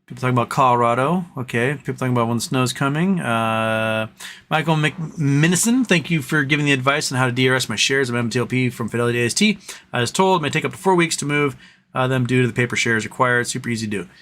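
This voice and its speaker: A man hosting a casual live stream, rambling with lots of fillers and a tired, throat-clearing voice, in a room at home. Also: mid-range voice, quick pace, a bit bright. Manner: rambling, trails off, many fillers. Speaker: livestream host. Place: home room with a fan running.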